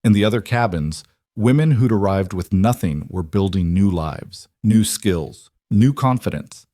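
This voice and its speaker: A man reading a scripted story in an even, measured way. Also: lowish voice, dry recording, studio quality. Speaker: narrator. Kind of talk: scripted narration.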